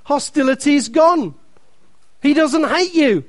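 Slow, high-voiced preacher. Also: male voice, no room sound. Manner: emphatic, repeating key phrases, reading scripture aloud; playful asides to the congregation. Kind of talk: sermon.

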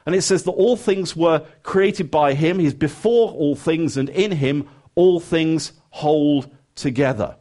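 A man preaching a sermon, moving from emphatic rising questions to quiet, earnest asides and acting out his listeners' thoughts. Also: a little high, slow. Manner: conversational, acts out listeners' thoughts.

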